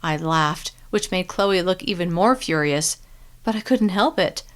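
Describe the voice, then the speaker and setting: A woman reading a novel aloud in first-person narration with a steady, clear delivery. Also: on the low side, unhurried. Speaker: audiobook narrator.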